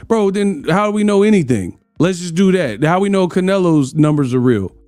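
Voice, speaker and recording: A man hosts a casual boxing live stream, trash-talking in loose slang, laughing at his chat and breaking into sung bits. His voice sits high and expressive with a darkish tone, moving at normal speed with few pauses. There's no echo, just soft music in the background.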